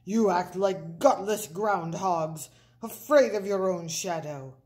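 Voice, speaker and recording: A mean, growling bully of a dog barks orders at everyone, as a woman reading a storybook puts him on. He speaks slowly and snarls every word, bossy and scornful. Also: lowish voice, darkish tone. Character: mean gruff bully prairie dog, male.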